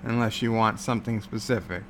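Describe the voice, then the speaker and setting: A man's voice: lowish voice, fairly even intonation, brisk, slight background noise. A man hosting a casual livestream from home, rambling sarcastically with many filler words. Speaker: livestream host.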